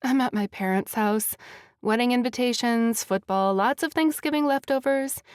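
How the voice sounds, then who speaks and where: Een vrouw die een zachtjes speelse jonge vrouw speelt. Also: female voice, fairly high pitch, moderate pace, dry recording, studio quality, natural voice. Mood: hushed, playful. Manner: hushed and playful. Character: guarded young woman in love, playful.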